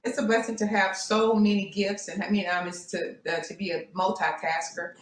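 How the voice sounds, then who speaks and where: A woman's voice: medium pitch, normal speed. A woman in her forties, a vocalist and panelist, chatting with frequent ums and laughter. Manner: warm, laughing, hesitant with many ums. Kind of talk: casual chat on a video call. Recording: echoey room, faint noise.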